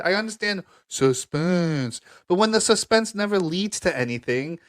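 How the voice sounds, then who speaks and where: A man's voice: a little high, lively intonation, normal speed, few pauses, a bit bright, no echo, studio quality. Rambling man co-hosting a chat podcast. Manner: rambling, lots of fillers and restarts. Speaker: podcast co-host. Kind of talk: casual chat.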